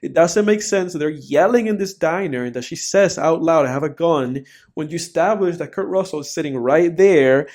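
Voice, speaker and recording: Higher-voiced guy rambling about a movie on a podcast, lots of "like" and "you know". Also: normal speed. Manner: rambling, animated, frequent fillers like "you know". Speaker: podcast co-host. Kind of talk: casual film review chat.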